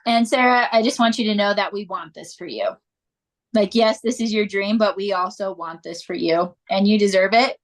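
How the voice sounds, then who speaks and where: A woman's voice: medium pitch, moderate pace. Earnest, supportive woman team member speaking up on a video call.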